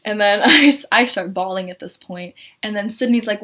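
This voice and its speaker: A young woman telling a story to camera in an excited vlog, gushing, swearing and acting out quotes in a higher voice. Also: brisk. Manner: gushing, swears a lot, acts out quotes in a high voice. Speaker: vlogger.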